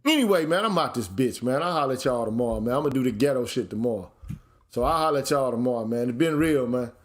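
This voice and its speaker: A man hosting his own channel, speaking in casual commentary, blunt and profane, at times working up into shouted rants. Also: mid-range voice, animated, fast. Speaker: channel host.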